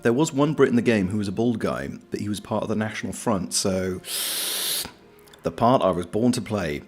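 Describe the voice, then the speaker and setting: A British man with a low, slightly husky voice chats on his stream at home. He rambles and jokes at his own expense while reading out viewer messages, with soft music faintly behind him. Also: expressive, normal speed. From Britain. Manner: joking, self-deprecating, rambling. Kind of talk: casual chat reading out viewer comments.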